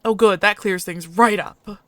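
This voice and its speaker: A woman voicing a confused, sarcastic young human man with no memory, flustered and quick to snap. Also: mid-range voice, a bit bright, no echo, clean studio sound, lightly acted.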